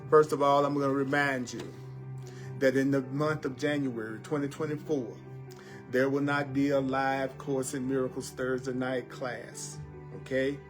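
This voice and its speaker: Man teaching slowly with repeated affirmations. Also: medium pitch, flat delivery, over music. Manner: slow, deliberate repetition of affirmations. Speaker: spiritual teacher. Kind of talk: spiritual teaching talk.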